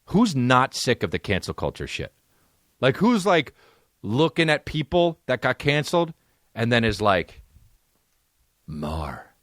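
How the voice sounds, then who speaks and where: Animated, profane male podcast host. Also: medium pitch, measured pace, no room sound, clean studio sound. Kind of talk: comedic podcast rant.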